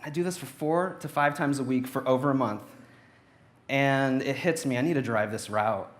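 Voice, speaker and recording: A man's voice: mid-range voice, normal speed. Man telling a funny church testimony. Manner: playful, anecdotal, acts out quotes. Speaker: church speaker. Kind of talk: humorous personal testimony on stage. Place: church auditorium.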